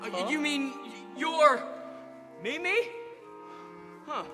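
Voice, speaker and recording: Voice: sits high, lively intonation, slow pace. A student playing an earnest, lovestruck young groom in a school stage musical, pleading and bumbling. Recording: auditorium reverb with music.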